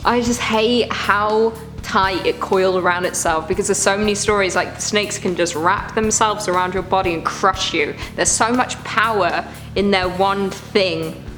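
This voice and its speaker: A woman's voice: mid-range voice, moderate pace, few pauses. Squeamish woman reacting over music. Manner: squeamish, groaning and exclaiming in disgust. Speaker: reaction video host. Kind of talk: casual reaction commentary.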